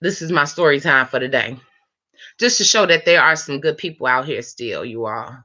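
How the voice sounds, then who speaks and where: A woman of about fifty chatting late at night, telling a long story time in an animated, rambling way with lots of fillers. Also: deep voice, moderate pace. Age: 50s. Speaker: vlogger.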